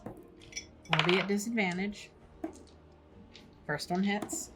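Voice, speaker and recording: A woman's voice: medium pitch, very noisy. A woman acting as game master, calling dice results and damage with frequent ums and uhs. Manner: brisk rules calls with filler um and uh. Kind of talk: running a tabletop game live.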